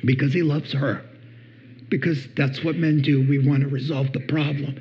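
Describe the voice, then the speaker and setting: A middle-aged man giving a humorous talk on marriage, lively and acting out little scenes in different voices. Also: moderate pace. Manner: animated, acts out voices with big pitch jumps. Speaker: speaker on marriage. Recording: dull lo-fi recording.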